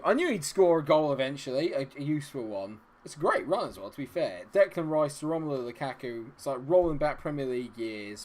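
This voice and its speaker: Excitable man hosting a game livestream. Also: fairly high pitch, fast talker, hardly any pauses. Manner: excitable, cheers loudly at the game. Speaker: gaming livestream host. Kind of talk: live gameplay commentary and chat reading.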